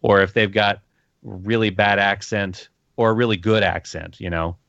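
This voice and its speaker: A man's voice: lowish voice, steady tone, normal speed, vocal fry, fairly bright tone, no echo. A man co-hosting a gaming podcast in casual chat, earnest and rambling, often repeating his phrases. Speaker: podcast co-host. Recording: dull lo-fi mic.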